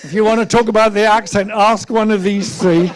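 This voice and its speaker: British actor guy on a panel, bit higher voice, hesitant and self-mocking. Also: fairly even intonation, fairly quick. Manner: self-deprecating, hesitant, laughing asides. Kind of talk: casual panel talk. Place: festival panel stage.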